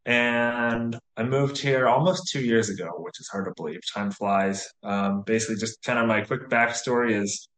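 A man in his thirties from the US, relaxed and chatty as an interview guest, full of "you know"s. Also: medium pitch, normal speed, few pauses, reverberant. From US, near Atlanta. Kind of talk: casual interview.

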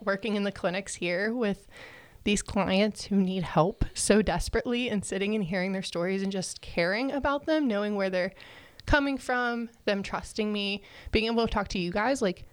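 Chatting casually, a young woman shares a personal story with lots of laughter, playfully performing what others said. Her voice is medium in pitch, and there's no room sound.

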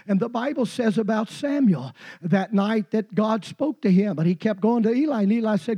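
A middle-aged male preacher delivering a sermon emphatically, dropping low to tell stories and climbing to shouts. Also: expressive, normal speed, slightly rough. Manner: emphatic, swinging between low storytelling and shouting.

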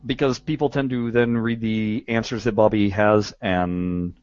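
Chatty podcast host, dry muffled sound. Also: male voice, fairly low pitch, steady tone, unhurried, darkish tone, smooth, dry recording. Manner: chatty, laughs often, fills with "uh". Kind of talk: casual podcast chat.

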